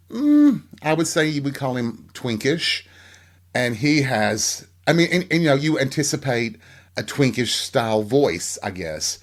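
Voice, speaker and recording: Frank, rambling middle-aged male podcast host. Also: medium pitch. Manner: reflective, rambling, frank, asks listeners rhetorical questions. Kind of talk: candid solo podcast monologue.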